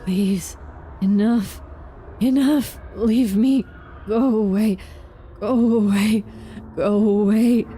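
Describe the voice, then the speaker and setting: A frightened, paranoid man shut in his house pleads to be left alone, repeating himself in a frantic rush, as a woman reads him aloud. His voice is soft and mellow rather than sharp. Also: lowish voice, expressive, normal speed, a little hiss or hum.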